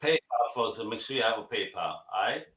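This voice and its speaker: A man co-hosting a live show, chatting excitably in slang while selling comic books. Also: mid-range voice, fairly quick, reverberant. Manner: excitable, slangy, says "bro" and "yo". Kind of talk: casual live show chat.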